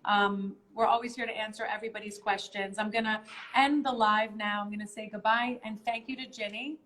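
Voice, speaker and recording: A woman's voice: medium pitch, fairly even intonation, brisk, fairly bright tone, slight background noise, poor audio. A woman hosting a live stream in casual chat, explaining things step by step with many ums.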